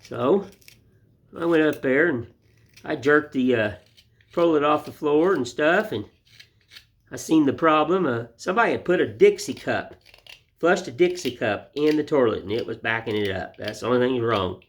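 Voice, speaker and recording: A man's voice: medium pitch, animated, moderate pace. A man hosting his woodcarving channel from an indoor wood shop, chatting to viewers in a folksy, rambling way as he whittles. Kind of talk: casual folksy talk to viewers while whittling.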